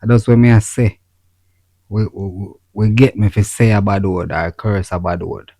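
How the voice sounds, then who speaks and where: Mellow low Jamaican man, dry sound. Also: fairly even intonation, moderate pace, no echo. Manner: laid-back, patois, trails off quietly. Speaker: podcast co-host. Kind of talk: casual chat.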